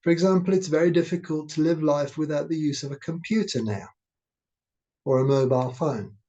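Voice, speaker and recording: A man guiding a meditation, speaking in a slow, gentle, soothing way. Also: a little high, highs cut off. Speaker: meditation teacher. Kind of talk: guided meditation talk.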